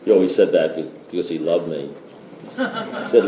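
A man's voice: deep voice, moderate pace, pauses often, dark tone, reverberant, a little hiss or hum. A man telling a rambling, joking story at a recovery meeting. He repeats himself as he goes.

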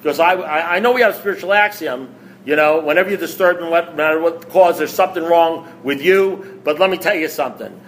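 A man sharing his recovery story at a meeting, telling it in an animated, self-mocking way with emphatic repetition. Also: a little high, brisk, slight background noise.

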